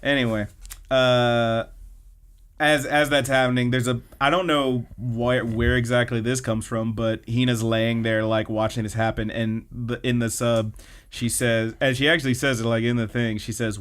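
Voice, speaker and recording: A young adult man hosting a casual anime podcast, retelling scenes with lively storytelling. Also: mid-range voice, normal speed, clear, resonant tone. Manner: animated storytelling, acts out scenes. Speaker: podcast host.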